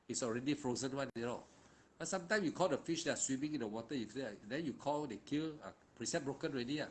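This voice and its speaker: A man's voice: mid-range voice, slight background noise. A man with a Malaysian English accent teaching a meditation session, talking in an informal, repetitive, emphatic way with local slang particles. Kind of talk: guided meditation instruction.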